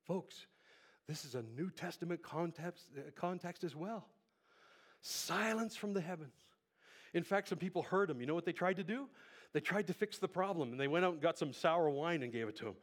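A man preaching a sermon to a church congregation, swinging between hushed, slow passages and loud, impassioned climaxes, breathing heavily into the microphone. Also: a little high, animated. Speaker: pastor.

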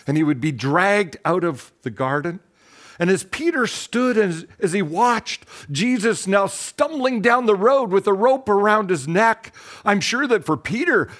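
Earnest preacher man, slightly high voice. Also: a bit bright. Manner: earnest, dramatic storytelling with pauses and repeated words. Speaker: pastor. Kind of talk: sermon retelling a Bible story.

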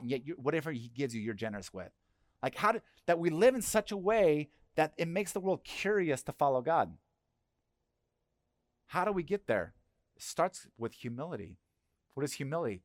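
A man's voice: fairly high pitch, very animated, brisk, no echo, studio quality. Man preaching a conversational sermon. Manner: conversational, asks the congregation questions. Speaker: pastor.

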